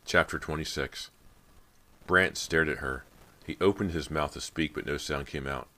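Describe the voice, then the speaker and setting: A man's voice: rumbling low, moderate pace, bright, forceful tone. A man narrating a horror audiobook in a dramatic storytelling manner. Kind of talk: scripted narration.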